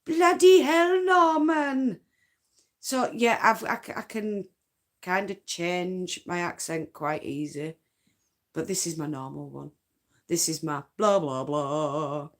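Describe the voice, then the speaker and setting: A woman's voice: low voice, takes it slowly, a bit bright. A woman with a Yorkshire accent, chatting casually and rambling a bit on a late-night crafting livestream from home. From North Yorkshire, England. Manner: rambling, chatty, uses dialect forms.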